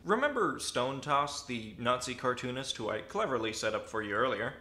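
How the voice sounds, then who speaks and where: A man delivering sarcastic, animated commentary with a crisp, bright tone. The recording has the echo of a bare room. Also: mid-range voice, moderate pace. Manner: sarcastic, animated, self-aware. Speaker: video essayist. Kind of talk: comedic commentary video.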